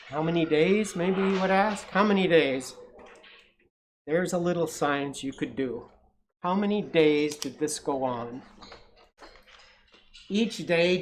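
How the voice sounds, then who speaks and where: Slow, playful storytime reader. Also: medium pitch, slight background noise. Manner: playful, with asides to young listeners. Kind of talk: children's read-aloud.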